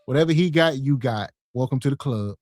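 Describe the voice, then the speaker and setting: A man's voice: mid-range voice, lively intonation, brisk, darkish tone, no echo, clean studio sound. A man co-hosting a podcast, cracking jokes about the clip and acting out both sides of a phone call. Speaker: podcast co-host. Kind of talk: reaction podcast banter.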